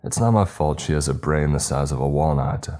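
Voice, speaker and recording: Brief: a man reading a sarcastic British teen boy for a storybook, deadpan, very low and dark. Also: fairly quick, faint music behind. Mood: scornful. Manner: deadpan, dismissive.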